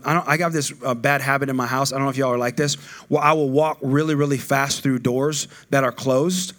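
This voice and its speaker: A middle-aged man preaching a sermon, chatty and informal, rising to loud call-and-response with the congregation. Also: a little high. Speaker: pastor.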